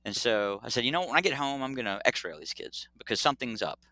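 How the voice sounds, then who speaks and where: Bright-voiced animated male doctor. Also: medium pitch, fast talker, no room sound. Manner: animated, acts out dialogue, laughs often. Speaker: pediatric urologist guest. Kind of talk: casual storytelling interview.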